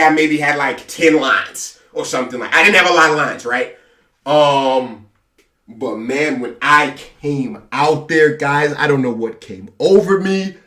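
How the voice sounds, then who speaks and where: High-voiced young man, storytime vlog, lively and self-hyping, echoey room. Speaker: vlogger. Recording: roomy echo, distant mic.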